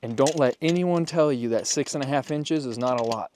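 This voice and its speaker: A man's voice: mid-range voice, brisk, a little mellow, a little hiss or hum. A man vlogging casually outside in the snow, playful and goofy, talking to his dog and his viewers. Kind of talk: casual vlog chat. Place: snowy yard outdoors.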